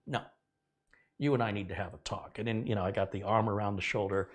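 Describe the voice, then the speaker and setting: A man's voice: lowish voice, quick pace, breathy edge. A middle-aged man hosting a tech video, casually telling a story from his working life and acting out the dialogue with laughs. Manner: animated, acts out quoted dialogue with laughs.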